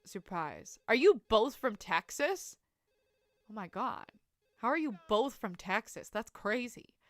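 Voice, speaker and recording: A woman's voice: a little high, animated, measured pace, no room sound, studio quality. A young woman streaming a life-sim game, chatting to her viewers in a rambling, laugh-filled way. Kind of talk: casual live-stream chat.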